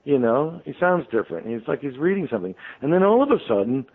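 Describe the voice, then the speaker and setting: A man's voice: medium pitch, big pitch swings, fast talker, slightly rough. A man, a radio show guest, telling a long story in a rambling way full of ums and restarts. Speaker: interview guest, author. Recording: tinny phone line.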